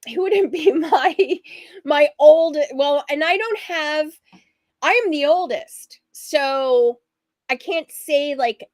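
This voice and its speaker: Slow-talking husky woman sewing host. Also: high-pitched, no room sound, clean studio sound. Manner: rambling, chatty, laughs often. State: husky from allergies. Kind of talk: casual chatty livestream.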